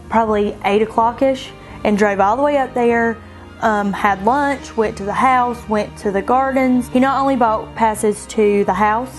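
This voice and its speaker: A woman being interviewed, telling her own story in an animated way, often laughing and quoting herself in a higher voice. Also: rough recording. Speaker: bride interviewed about her engagement. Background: soft background music.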